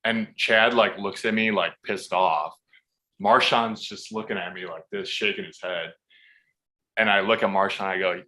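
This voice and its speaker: A man's voice: on the low side, fairly even intonation, measured pace, sharp tone. A man in his thirties, a podcast guest telling laid-back stories that are full of swearing. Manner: laid-back, swears freely, acts out quotes. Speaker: podcast guest, football player. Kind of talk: casual storytelling.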